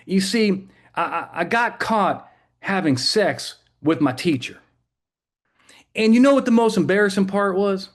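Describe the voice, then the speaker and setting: A man's voice: high-pitched, lively intonation, unhurried, pitched above the performer's own voice. A man voicing an older retired cop who tells a joke over drinks in a raised, confiding voice.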